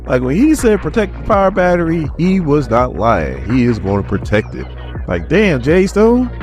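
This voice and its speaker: A man hosting a comic book channel, recapping a story in a casual, slangy, animated way. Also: medium pitch.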